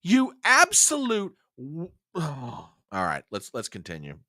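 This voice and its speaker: A man's voice: huge pitch swings, measured pace, no echo, studio quality. A man hosting a political commentary show, ranting angrily and sarcastically. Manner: angry, sarcastic, swinging between low growl and shouting.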